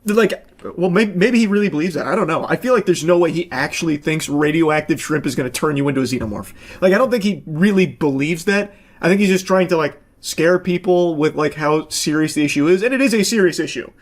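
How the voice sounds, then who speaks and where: A man commentating casually on a clip he pauses, with sarcastic, profane, exasperated rants. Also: fairly high pitch.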